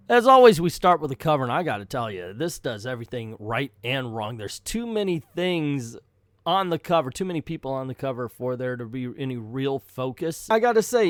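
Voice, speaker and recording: A man giving casual video commentary on an old comic book, excitable and quick to laugh and swear as he reacts. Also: mid-range voice, no room sound, clean studio sound.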